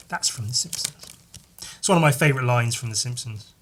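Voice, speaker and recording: A man hosting a solo podcast, rambling in casual chat, swearing freely and filling pauses with "like" and "um". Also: mid-range voice, a bit bright. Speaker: podcast host.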